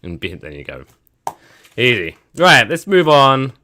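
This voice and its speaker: A man co-hosting a casual sports podcast, joking and sarcastic, with swearing and quick tangents. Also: medium pitch, huge pitch swings, bright, forceful tone, no room sound, studio quality. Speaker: podcast co-host.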